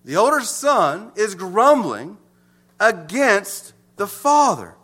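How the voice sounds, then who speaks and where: A male pastor with a high, bright voice delivers a sermon. His pitch swings widely, and he moves from emphatic lines to hushed ones. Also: big pitch swings, slow, breathy edge.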